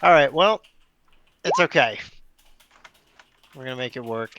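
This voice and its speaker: A man's voice: medium pitch, animated, unhurried, bright, forceful tone, no echo, lo-fi sound. A man playing a tabletop game, joking and swearing casually. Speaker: player.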